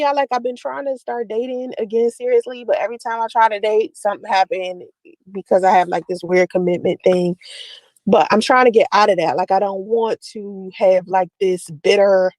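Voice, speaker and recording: A woman's voice: mid-range voice, steady tone, normal speed, darkish tone, no room sound, rough recording. A woman talking at length about her family and personal life, rambling and confessional, full of "like" fillers. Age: adult with a daughter. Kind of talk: personal talk to camera.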